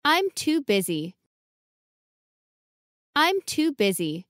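Female English lesson reader: slow, clear sentence drills, bright singsong pitch, dry close sound. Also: big pitch swings, dry recording. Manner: reads each short sentence twice.

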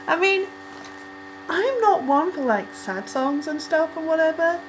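A young woman casually reacting to a music video, rambling with lots of ums and likes and breaking into excited squeals. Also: very high-pitched, a little slow, a little hiss or hum, poor audio.

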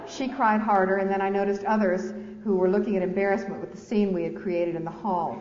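A woman's voice: medium pitch, steady tone, fairly quick, crowd noise. A woman author reading from her memoir to an audience, with candid, self-deprecating asides and laughter. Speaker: author and speaker. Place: large lecture hall. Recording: echoey hall, dull lo-fi sound, faint hiss.

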